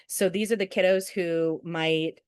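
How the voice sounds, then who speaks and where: A woman's voice: lowish voice, steady tone, a little slow, smooth, no room sound. A woman leading a school staff training webinar, talking in a chatty way and often asking "right?" to check in with listeners. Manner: chatty, often asks "right?" and acts out quotes. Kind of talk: conversational webinar training talk.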